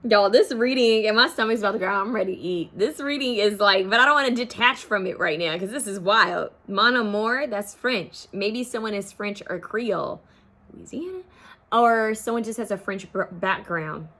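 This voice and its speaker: A woman's voice: mid-range voice, moderate pace, pushed and bright. A young woman talks straight to her viewers through a tarot reading. Her voice sits in a middle range, and she chats loosely, drifting now and then into half-sung song lyrics. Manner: chatty, addresses viewers as y'all, half-sings song lyrics. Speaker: tarot card reader. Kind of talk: intuitive pick-a-card reading.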